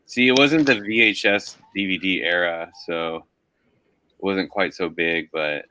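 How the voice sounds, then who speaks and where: Deep-voiced blunt man in his thirties. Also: unhurried, sharp tone, no room sound. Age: 30s. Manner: blunt, swearing, drops slang. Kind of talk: casual crude banter.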